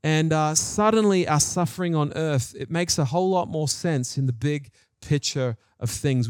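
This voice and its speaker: A man's voice: medium pitch, a little mellow. A man preaching a sermon in an earnest, casual way, with fillers and restarts. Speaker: pastor.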